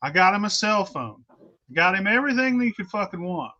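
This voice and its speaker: Male storyteller, high and bright-edged, profane and unpolished, muffled lo-fi sound. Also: big pitch swings, fairly quick. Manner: blunt, heavy cursing, rambling restarts. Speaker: storyteller on a talk stream. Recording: dull lo-fi recording.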